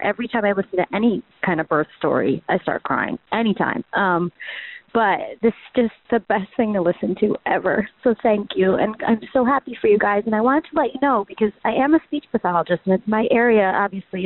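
A woman's voice: medium pitch, no room sound. A woman leaving a gushing, giggly voicemail for the hosts. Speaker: voicemail caller. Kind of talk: voicemail message. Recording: dry phone-line voicemail.

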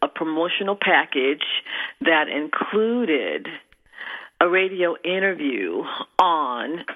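A woman's voice: deep voice, animated, slow pace. A woman radio host talks over a tinny phone line in a bubbly, rambling way. She keeps starting over and filling gaps with ums. She takes her time with the words. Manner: bubbly and rambling, with many fillers and restarts. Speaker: radio show host and minister. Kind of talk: casual chat on internet radio.

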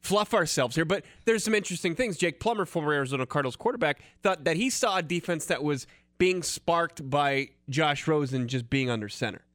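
An American man co-hosting a sports podcast, talking in a measured, reasoning way. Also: on the high side, a bit bright, no echo, studio quality. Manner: measured, hedging, builds arguments. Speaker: podcast co-host. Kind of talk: casual sports talk.

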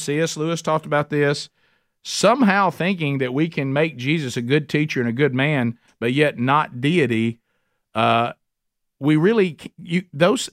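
Man, Bible study teacher, conversational preaching, emphatic repetition, fairly high voice, dry close sound. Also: dry recording. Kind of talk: sermon-style Bible teaching. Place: meeting room with a group.

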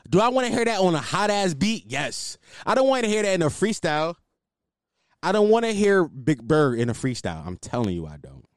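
A young man talks straight into the mic in a loose, ranting monologue, cursing often and getting worked up. His voice sits a little high and swings widely up and down. The sound is close and dry, with no room around it. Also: brisk, dry recording. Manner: animated, ranting, swears freely. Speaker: podcast host. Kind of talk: casual solo commentary.

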